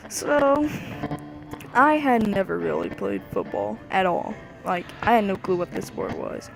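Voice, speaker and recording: A male speaker casually telling a rambling, animated story about his childhood while someone plays a video game. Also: sits high, measured pace, creaky, music in the background. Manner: rambling, animated, with lots of "anywho". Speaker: storyteller over gameplay.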